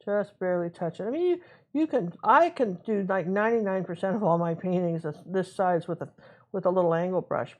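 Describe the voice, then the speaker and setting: Chatty woman teaching painting live. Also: medium pitch. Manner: relaxed, chatty, talks to herself while working. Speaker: painting instructor.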